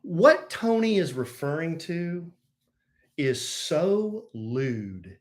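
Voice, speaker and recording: A man's voice: on the high side, big pitch swings, drawn-out words. Guy reading listener mail on a podcast, playful, voice jumps around a lot. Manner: playful, reads listener letters aloud. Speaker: podcast co-host. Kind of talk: casual chat.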